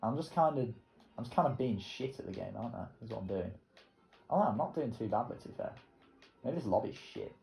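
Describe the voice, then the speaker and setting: A man's voice: mid-range voice, lively intonation, a little fast, creaky, warm tone, echoey room, soft background music. Casual swearing young man gaming. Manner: casual, swearing, self-mocking, rambling. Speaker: gaming video creator. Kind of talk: rambling commentary while playing a racing game.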